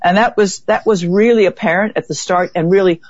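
A woman being interviewed, telling a vivid story in a lively way and acting out what others said. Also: mid-range voice, a little fast, dry recording. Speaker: interview guest. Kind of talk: conversational storytelling. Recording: dull, dry lo-fi recording.

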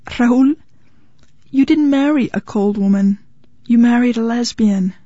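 A woman voicing a cool, impatient estranged wife who speaks flatly in a read-aloud story. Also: a little high, measured pace, dry recording, muffled recording. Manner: flat, impatient.

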